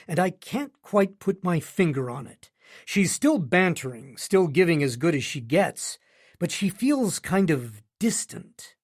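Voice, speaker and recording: A man narrating a romance audiobook in first person with a wry, smug, joking manner. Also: fairly high pitch.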